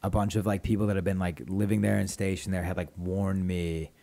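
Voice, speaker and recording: A man's voice: sits low, flat delivery, fairly quick, vocal fry, mellow. A young man, a comedian guest on a podcast, telling a rambling, profane story in casual chat. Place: podcast studio.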